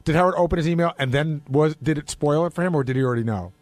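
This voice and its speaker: A man, a radio show producer, tells a backstage story quickly in studio banter and acts out both sides of the exchange. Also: a little high, darkish tone, dry recording. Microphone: studio microphone.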